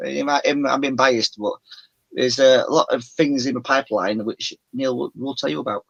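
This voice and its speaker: A man from Yorkshire, England, with a mild Yorkshire accent, chats casually over a video call as a guest; he presents a paranormal show. His medium-pitched voice is steady, at normal speed, with vocal fry, and he rambles, often restarting and correcting himself. The audio is dull, with slight background noise.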